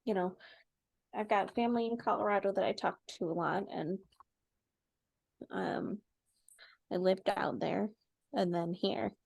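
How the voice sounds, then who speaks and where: A woman's voice: medium pitch, fairly even intonation, measured pace, vocal fry, long pauses, darkish tone, no room sound. A woman in her twenties with a slight Southern twang, co-hosting a casual podcast chat with a playful, giggly manner. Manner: playful, giggly, tries out silly accents. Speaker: podcast co-host.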